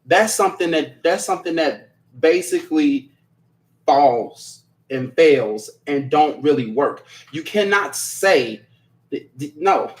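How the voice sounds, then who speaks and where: A man's voice: fairly high pitch, animated, takes it slowly. Blunt, swearing man on a livestream. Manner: blunt, emphatic and repetitive, swears freely; apologetic after ranting. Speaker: livestream host reading viewer comments. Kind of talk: casual livestream chat.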